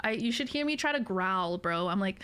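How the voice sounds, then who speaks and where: A woman's voice: mid-range voice, animated, normal speed, a bit bright, clean tone. A woman in her late twenties, a streamer chatting casually with her chat, giggly and swearing freely. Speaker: VTuber streamer.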